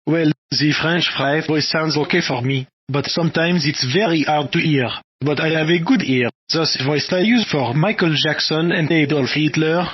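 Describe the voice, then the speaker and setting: A synthetic male text-to-speech voice reads a voice review with robotic timing. It sits fairly high in pitch and sounds husky. The recording is slightly dull. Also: moderate pace, no room sound. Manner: flat robotic reading.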